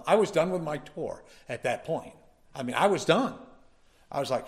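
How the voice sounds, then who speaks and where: A man's voice: a little high, lively intonation, normal speed, vocal fry. A male pastor delivering a sermon, telling a personal story in a folksy way and building up to emphatic preaching.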